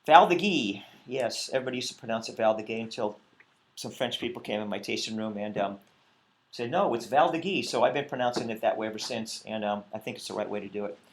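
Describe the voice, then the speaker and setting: A male winemaker talking casually at a wine tasting, relaxed and hesitant, with many pauses and ums. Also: fairly low pitch.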